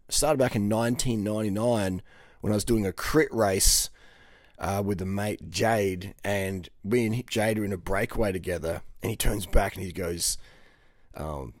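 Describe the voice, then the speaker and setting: A man coaching in a blunt, profane, casual monologue that swings between loud and quiet. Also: fairly low pitch, no room sound, studio quality. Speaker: fitness coach.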